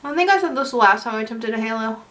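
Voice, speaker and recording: A woman's voice: a little high, animated, racing, a bit bright. A young woman chatting casually through a makeup tutorial, rambling and correcting herself as she goes. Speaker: beauty vlogger.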